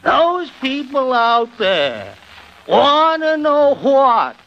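A slow, quavering old lawyer. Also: male voice, wildly swooping pitch, heavily acted. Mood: pleading. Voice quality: swings between high and low register in a halting rhythm. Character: older attorney pleading passionately with a governor. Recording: dull old radio recording.

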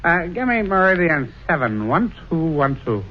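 A man's voice: on the high side, very animated, normal speed. A tipsy, brash New Yorker with a New York accent, slurring and rowdy, his voice leaping up and down. It is an old radio drama with a dull, muffled sound and faint hiss. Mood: tipsy, boastful. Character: drunk boastful New York man, brash. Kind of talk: 1940s radio acting.

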